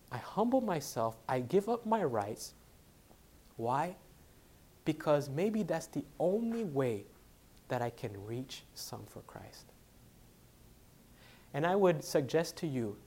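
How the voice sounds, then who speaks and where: A man's voice: on the high side, dark tone. A man preaching a sermon and telling a personal story, conversational and full of fillers, dropping to a near whisper for quoted lines and rising to stress a point. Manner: frequent fillers and self-corrections. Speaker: preacher, literature evangelist.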